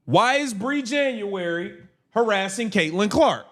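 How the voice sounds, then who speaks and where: Male streamer, slightly high voice, heated slangy play-by-play and rants. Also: expressive, unhurried, a bit bright. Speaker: live stream host. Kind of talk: casual live watch-along commentary.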